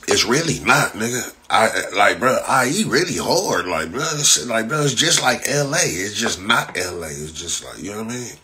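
Deep-voiced, forceful Los man ranting. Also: big pitch swings, normal speed, few pauses. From Los Angeles. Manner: profane, mocking, rambling storyteller. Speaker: livestreamer. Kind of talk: casual live-stream chat.

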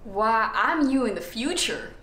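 A woman's voice: fairly high pitch, animated, unhurried, far from the mic, background noise. A woman playing a perky cereal-commercial hostess in a sing-song sales voice, in an improvised student-film parody. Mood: sweet. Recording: echoey room, from off-mic, with loud music.

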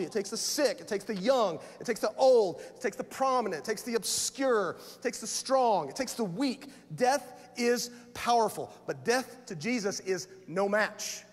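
Middle-aged male pastor, high tenor, impassioned sermon delivery, recorded in a church sanctuary with long hall reverb. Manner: impassioned preaching, rising to shouted lines.

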